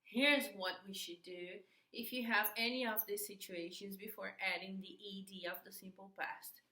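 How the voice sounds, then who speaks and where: A woman teaching an English grammar lesson, slow and patient, repeating key words, a native Portuguese speaker. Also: mid-range voice, fairly even intonation, roomy sound, noisy background.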